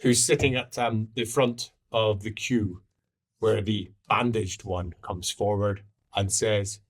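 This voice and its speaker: A man narrating a tabletop game as game master, in an animated, playful way. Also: lowish voice, takes it slowly.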